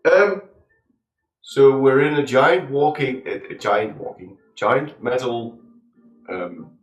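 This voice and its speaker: A man playing a tabletop game, talking hesitantly with many pauses and ums. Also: mid-range voice, lo-fi sound. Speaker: player. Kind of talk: tabletop role-play. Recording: echoey room, far from mic.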